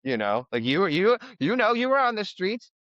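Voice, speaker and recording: A man's voice: sits high, very animated, brisk, fairly bright tone, dry recording, highs cut off. A man co-hosting a recovery podcast in casual chat, talking frankly and rambling with lots of fillers and swearing. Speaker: podcast co-host.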